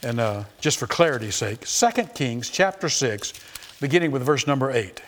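A man's voice: medium pitch, moderate pace, a little hiss or hum. A man preaching a sermon, reading scripture and acting out the quoted voices with lots of repetition. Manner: animated, repeats phrases, acts out quoted voices.

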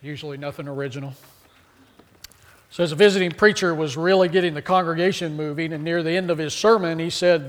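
A male pastor with a notably high-pitched voice delivers a sermon in an easygoing, joking way. He keeps prompting the congregation to answer him and repeat phrases. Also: steady tone, fairly quick. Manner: joking, call-and-response with congregation.

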